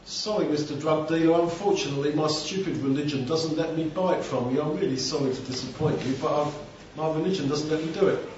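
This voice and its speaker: A man's voice: on the high side, quick pace, a little mellow, lightly acted. A man preaching, putting on the voice of a grown man who makes sulky, childish excuses and feigns apology. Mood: sulky excuse-making. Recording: distant, echoey, dull, noisy hall.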